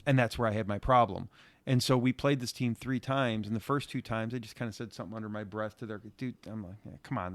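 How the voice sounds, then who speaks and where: With a lowish voice and a Northeast Ohio accent, this middle-aged co-host from Ohio animatedly acts out quotes as he shares a casual youth softball coaching story on the podcast.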